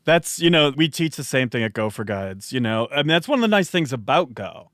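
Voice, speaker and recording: A man's voice: mid-range voice, big pitch swings, a little fast, fairly bright tone, no room sound, clean studio sound. A man on a podcast panel, joking wryly and grumbling in a teasing way. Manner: wry, teasing, grumbling jokes. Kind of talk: casual panel chat.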